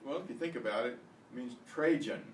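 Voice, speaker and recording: A man teaching an online beginner language lesson, repeating words slowly with exaggerated pronunciation. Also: mid-range voice. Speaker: Spanish teacher. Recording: echoey room, distant mic, faint hiss.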